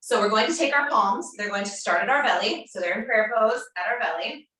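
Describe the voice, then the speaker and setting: A woman teaching a yoga class, giving calm, encouraging instructions. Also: on the high side, brisk. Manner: calm, encouraging, gently chanting mantra syllables. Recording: roomy echo, speaker far from mic.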